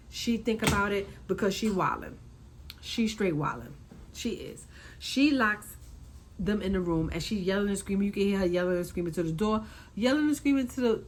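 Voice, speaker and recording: A woman hosting a casual recap, talking in an animated way, repeating her points and acting out quotes. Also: medium pitch, slight background noise, poor audio. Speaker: reality TV recap host.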